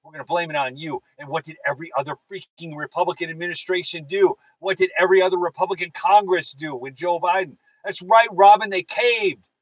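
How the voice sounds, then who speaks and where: A man's voice: high voice, a little fast, hardly any pauses, no room sound, highs cut off. A man hosting a live political show from his car, fired up and preachy, talking straight to his viewers and reading their chat. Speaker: political talk show host.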